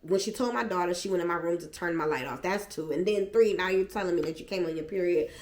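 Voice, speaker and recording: A woman's voice: on the low side, fast. A woman vlogger at home, animatedly and emotionally retelling a personal story. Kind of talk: storytime vlog. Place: at home, seated. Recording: echoey room.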